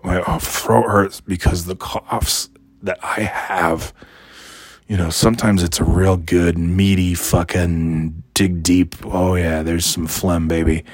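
Hoarse guy in a vlog, real low gravelly voice, worn out and annoyed, swears a lot. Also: fairly even intonation, takes it slowly, no room sound. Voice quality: gravelly, raspy. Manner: exasperated, rambling, profane. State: hoarse from coughing. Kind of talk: casual ranting vlog.

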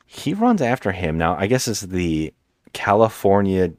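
Male podcast host, deep and very animated, meandering recap style, dry sound. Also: measured pace, no echo. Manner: rambling, hesitant storyteller with many restarts. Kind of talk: casual movie recap chat.

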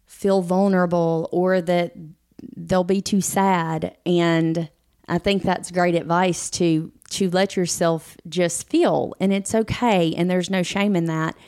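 A woman's voice: on the low side, fairly even intonation, takes it slowly, darkish tone, clear, resonant tone. A woman co-hosting a casual chat, affirming her partner and telling personal stories. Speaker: podcast co-host.

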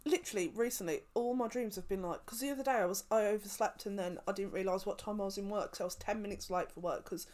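A woman's voice: medium pitch, fast talker, few pauses, darkish tone. A young woman in casual chat, rambling through stories and laughing often.

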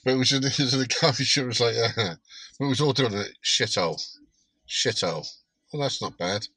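A man's voice: mid-range voice, fast, a bit bright, dry recording. A man in a casual podcast chat, laid-back and prone to chuckling. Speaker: podcast co-host.

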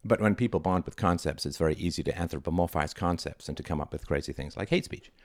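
A middle-aged man with a very low voice talks on his own show in a reflective, conversational way, leaning hard on key words. The recording is dry and close, with no room sound. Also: fast talker, dry recording. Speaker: podcast host. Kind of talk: solo monologue.

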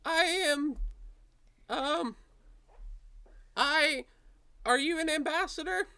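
A man's voice: drawn-out words, bright, forceful tone, exaggerated voice. A man putting on a frantic, stammering young ambassador. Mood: flustered. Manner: high, stammering and breathless. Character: nervous young male ambassador, frantic and flustered.

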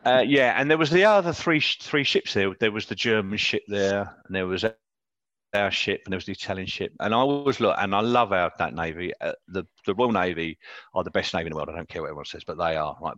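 A man telling casual, animated stories as a Navy veteran guest, laughing mid-story and adding tag questions. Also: low voice, fairly quick, no echo, lo-fi sound.

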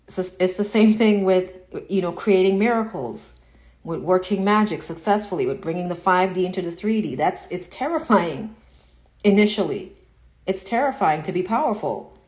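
Woman life coach on a livestream, lowish voice, earnest, repeats herself a lot. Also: normal speed. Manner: earnest, repetitive, animated when acting out inner doubts. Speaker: spiritual coach. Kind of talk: live-stream coaching talk, answering viewer comments.

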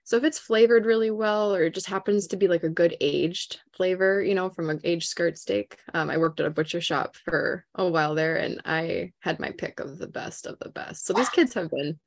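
A woman's voice: fairly low pitch, moderate pace, hardly any pauses, no echo, clean studio sound. A woman in her thirties from Minnesota with a Minnesotan accent, chatting as a podcast guest and laughing often as she tells stories. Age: 30s. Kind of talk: casual storytelling chat.

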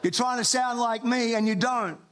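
Aussie pastor preaching in church, really high voice for a guy, chatty and jokey, keeps restarting his sentences. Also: normal speed, a bit bright. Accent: Australian. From Australia. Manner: conversational preaching with humorous asides and repeated restarts. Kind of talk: sermon. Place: church before a congregation.

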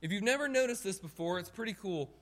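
A man preaching a sermon, animated and emphatic, talking straight to his congregation. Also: high-pitched, fast. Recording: long reverb of a hall.

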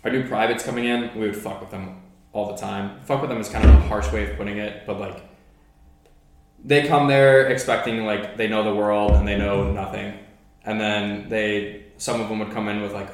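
A man's voice: lowish voice, steady tone, normal speed. A young man and podcast host telling army stories in a casual, swearing way, full of "like" fillers. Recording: very echoey room.

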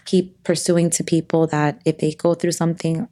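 A woman in her thirties speaks as a guest in a heartfelt podcast conversation, her voice sitting a little low. She talks earnestly and openly, often breaking off and restarting her sentences. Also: level tone, normal speed, mellow.

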